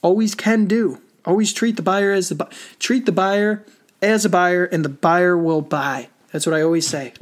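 An energetic man coaching contractors on sales, talking in short, repeated punchy phrases. His voice sits somewhat higher than most men's. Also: normal speed. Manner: energetic, repetitive, conversational. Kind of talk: motivational talk.

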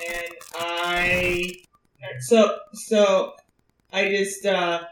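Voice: medium pitch, little pitch movement, drawn-out words, fairly bright tone. A player in a tabletop game, speaking plainly and hesitantly. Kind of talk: casual tabletop play. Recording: distant echoey room, faint noise.

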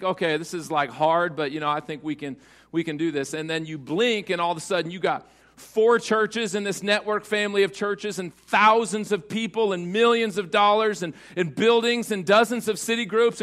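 Man, high voice, young adult, sermon, conversational preaching, acts out dialogue. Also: a bit bright. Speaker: pastor.

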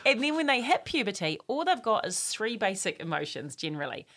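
A woman talks through an idea in an animated, chatty way. She laughs easily and slips into quick acted-out quotes as she explains. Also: medium pitch. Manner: lively, laughs often, acts out quotes. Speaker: parenting expert guest. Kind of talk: explanatory chat.

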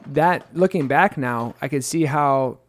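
A man's voice: a little high, a little slow. A man in his thirties co-hosting a casual scripture chat, telling stories about his marriage with self-deprecating humor and playful quoted voices. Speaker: pastor and co-host.

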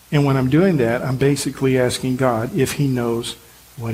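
A man's voice: medium pitch, steady tone, moderate pace, darkish tone, a little hiss or hum, poor audio. A male pastor preaching a sermon in an earnest, emphatic, encouraging way.

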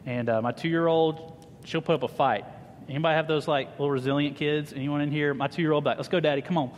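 A man in his thirties preaching a sermon to a congregation, telling funny family stories with lively humor. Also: fairly high pitch, brisk, slight background noise. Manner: animated, humorous storyteller addressing a congregation. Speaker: pastor. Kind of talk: sermon with personal storytelling. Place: church hall. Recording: reverberant church hall.

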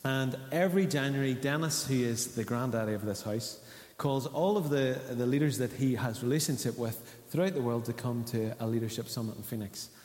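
The pastor's voice is medium in pitch with a darkish tone, and he speaks fairly quickly. He delivers his sermon conversationally in a church hall, questioning the congregation as the room echoes.

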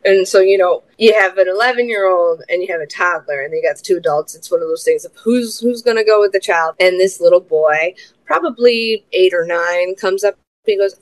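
A young woman hosts a podcast and tells a long personal story in a casual, chatty way. She swears freely and acts out what people said, jumping up in pitch for the quoted lines. Her voice sits at a middle pitch for a woman. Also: animated, a little fast, no room sound. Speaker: podcast host.

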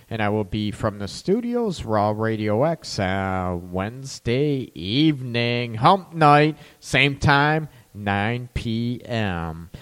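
A middle-aged man hosting a call-in radio talk show from his counseling office, tired and loose, with lots of fillers. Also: mid-range voice. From Michigan. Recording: long hall reverb.

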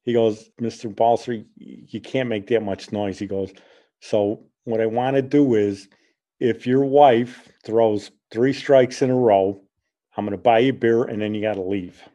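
Chatty guy in his 60s from around chicago, radio host telling stories, mellow voice. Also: lowish voice, measured pace. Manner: chatty, lively when amused. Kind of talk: casual storytelling.

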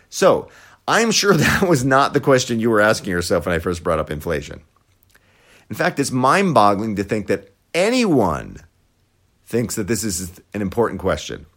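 A man hosting a podcast, giving sarcastic, profane commentary. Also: on the low side. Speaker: podcast host. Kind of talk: opinionated commentary.

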